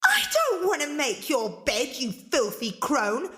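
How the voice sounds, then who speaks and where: A woman's voice: sits high, wildly swooping pitch, slow pace, a bit bright, pitched above the performer's own voice, exaggerated voice. A woman storyteller voicing a rude, bratty young girl who whines shrilly and sounds indignant. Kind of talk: storybook character voice.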